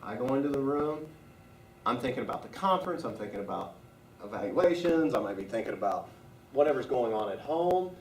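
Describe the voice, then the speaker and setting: A man's voice: mid-range voice, expressive, a little fast, a little hiss or hum. A man leading a staff training class, talking conversationally and asking the room questions. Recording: echoey room from far off.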